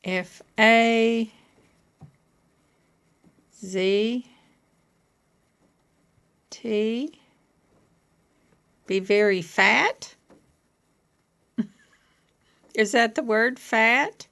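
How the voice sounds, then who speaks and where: Slow, gravelly-voiced woman spelling letters. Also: fairly high pitch. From Kentucky. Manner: patient, questioning, with occasional soft laughs. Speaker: reading out a letter board.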